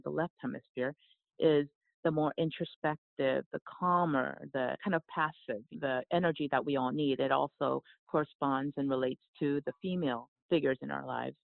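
Gravelly speaker over a tinny line. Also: medium pitch, no room sound. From South Korea. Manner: earnest, reflective, with restarts. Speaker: podcast guest, yoga teacher. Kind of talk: storytelling in conversation.

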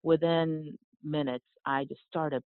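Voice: medium pitch, fairly even intonation, slow pace, clear, resonant tone, no room sound. A podcast guest from South Korea and a yoga teacher, telling a personal story in an earnest, reflective way with frequent restarts. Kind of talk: storytelling in conversation. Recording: tinny phone-like line.

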